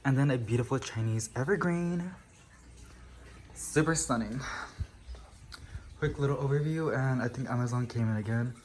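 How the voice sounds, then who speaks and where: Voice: medium pitch, moderate pace, pauses often, a little mellow, a little hiss or hum. A houseplant channel host giving a casual tour of their living room plants, gushing with frequent exclamations, filmed at home on a handheld camera.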